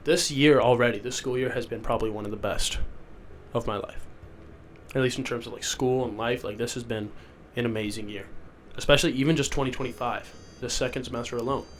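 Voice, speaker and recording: A man's voice: mid-range voice, steady tone, a little fast, slight background noise. A sick young man with sniffles hosting a rambling solo podcast from a basement, loopy and self-deprecating. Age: young adult. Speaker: podcast host. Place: rented house basement.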